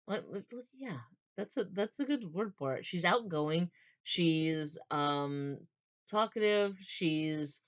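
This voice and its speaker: A woman's voice: lowish voice, expressive, takes it slowly, dull audio. A woman casually talking through a novel's characters, rambling with many fillers and restarts. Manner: rambling, many fillers and restarts, retells scenes in quoted voices. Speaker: book reviewer. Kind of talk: casual book talk.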